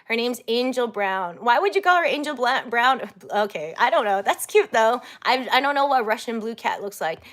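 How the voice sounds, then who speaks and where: A woman's voice: a little high, expressive, moderate pace, few pauses, fairly bright tone. A woman in her thirties chatting casually on a livestream, reading viewer comments aloud and giggling often.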